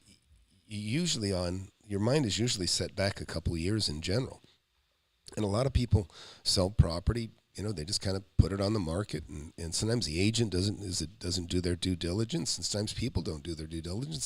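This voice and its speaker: A man's voice: low-pitched, vocal fry, dry recording. An American man, a real estate investor, rambling through a casual commentary and telling stories. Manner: rambling, storytelling, animated when quoting.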